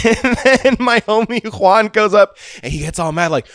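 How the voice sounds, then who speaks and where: A young man hosting a podcast, telling a rowdy story in a profane, animated way and laughing as he goes. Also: fairly high pitch, brisk, dry recording, clean studio sound. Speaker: podcast host. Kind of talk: casual storytelling chat.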